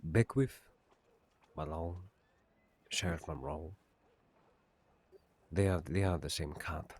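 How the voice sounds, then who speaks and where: A solemn gang elder with a very deep voice, as a man plays him. He speaks slowly and gravely, in lofty, measured phrases. His voice has a slightly husky edge. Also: darkish tone, full character voice. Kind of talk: roleplay in a western game.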